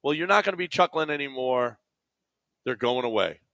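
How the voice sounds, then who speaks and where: Wry male radio co-host with a bright voice. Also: mid-range voice, expressive, fairly quick, dry recording. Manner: wry, teasing news delivery. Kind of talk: reading quirky news items in banter. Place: radio studio. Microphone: studio microphone.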